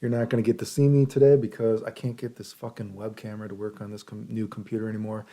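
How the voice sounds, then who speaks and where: A man's voice: on the low side, flat delivery, quick pace, heavy background noise. A man hosting his own channel, ranting heatedly into a computer microphone, swearing and often asking "right?". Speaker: channel host. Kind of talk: unscripted ranting monologue.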